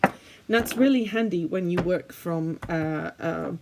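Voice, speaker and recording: Talking to her viewers in English, this Dutch woman from the Netherlands keeps things casual, self-deprecating and full of fillers, her accent faintly British-leaning. She's an art vlogger and a native Dutch speaker. Her gravelly voice is on the low side and a little slow, with heavy background noise.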